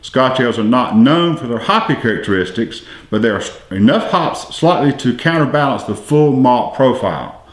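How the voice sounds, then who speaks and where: At a moderate pace and with lively intonation, a man with a mid-range voice hosts a casual, easygoing beer-tasting podcast, chatting and reading tasting notes from breweries. The room sounds echoey.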